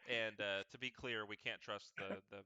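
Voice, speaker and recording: A man's voice: lowish voice, steady tone, moderate pace, lo-fi sound, a crowd in the background. A man playing a tabletop game, laid-back and a bit hesitant. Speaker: player. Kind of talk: casual tabletop play.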